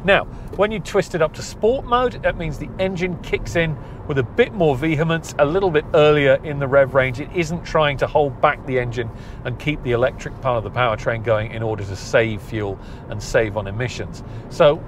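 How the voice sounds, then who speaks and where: A young adult man, presenting a car review from inside a car, measured and conversational as he weighs pros and cons. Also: medium pitch, slight background noise. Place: inside a car, partly while driving.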